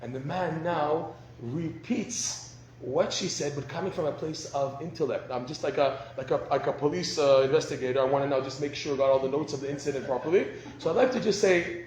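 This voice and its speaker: Male teacher, lively and expressive, slightly high voice, roomy echo. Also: brisk. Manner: animated, acts out dialogue, laughs often. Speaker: rabbi teaching a class. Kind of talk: lecture on marriage. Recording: roomy echo, faint background noise.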